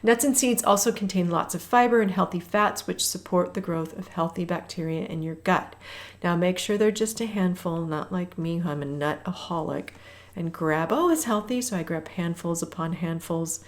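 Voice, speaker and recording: A woman's voice: on the low side, steady tone, moderate pace. A woman in her fifties, a health coach hosting a walking workout, chatting and calling out intervals while she walks, a little breathless at times.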